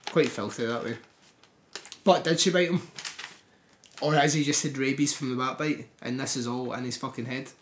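A man's voice: medium pitch, normal speed, long pauses, a little hiss or hum. Man telling stories, echoey room. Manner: animated storytelling, swearing and laughing. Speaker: podcast co-host. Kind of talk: casual chat.

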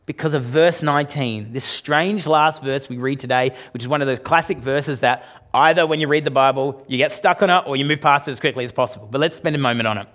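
A man's voice: fast, few pauses. A man preaching a sermon as pastor, emphatic and conversational, often putting questions to the congregation. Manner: emphatic, rises and drops in pitch and loudness for emphasis.

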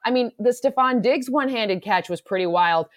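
A woman from Michigan, an analytics expert talking football in a casual podcast chat, fast and rambling with many restarts. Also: on the high side, no room sound, studio quality. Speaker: NFL analytics expert guest.

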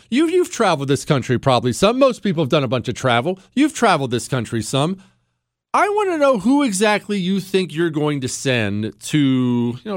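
Indignant man ranting, high and lively. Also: dry recording, studio quality. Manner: indignant, emphatic, rhetorical questions. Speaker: podcast host. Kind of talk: ranting political commentary.

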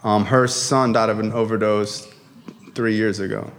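A man's voice: fairly low pitch, steady tone, unhurried. A man telling a personal recovery story to a live audience, in a casual, profane, slangy way with frequent fillers. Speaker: speaker sharing a recovery story.

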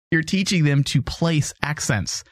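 A man's voice: a little high, lively intonation, slow pace. A man co-hosting a casual podcast, talking emphatically and repeating points to stress them. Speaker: podcast co-host.

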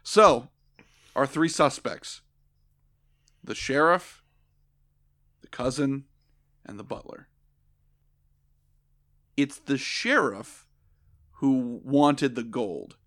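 A man's voice: medium pitch, expressive, extremely slow, long pauses, a bit bright. A man co-hosting a podcast, recapping a cartoon movie in sarcastic, profane, joking chat. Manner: sarcastic, profane, acts out quotes in jokey voices. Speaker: podcast co-host. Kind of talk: casual comedic recap chat.

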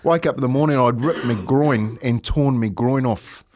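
At normal speed and medium pitch, an Australian ex-footballer who co-hosts a podcast shares an animated story on a relaxed chat show. He keeps laughing through it.

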